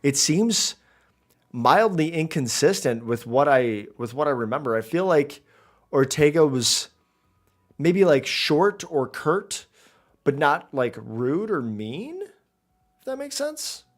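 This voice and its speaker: A man's voice: on the high side, very animated, slow pace. A man giving casual, rambling commentary while streaming a game, chatty and self-interrupting, into a desk mic.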